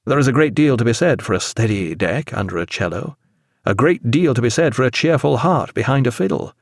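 A man narrating a novel in measured, expressive storytelling. His pitch moves with animated variety around a middle register. The recording is close and dry with no room echo. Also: vocal fry. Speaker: audiobook narrator. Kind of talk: scripted narration.

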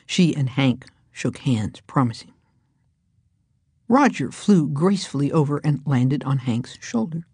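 A woman reading a children's storybook aloud in a hushed, breathy manner. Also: extremely low pitch, expressive, a little slow, no echo, clean studio sound.

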